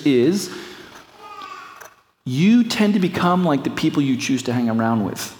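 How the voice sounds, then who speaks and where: Preaching man, long hall reverb. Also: on the high side. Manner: storytelling, shifts between slow reflective and quick anecdotal. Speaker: pastor. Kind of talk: sermon.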